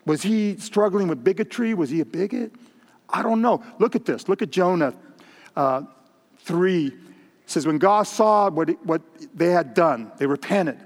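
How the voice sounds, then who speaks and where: A man's voice: high voice, expressive, unhurried. A man preaching a sermon in a conversational way, repeating words and asking the congregation questions. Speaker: pastor. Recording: long reverb in a hall.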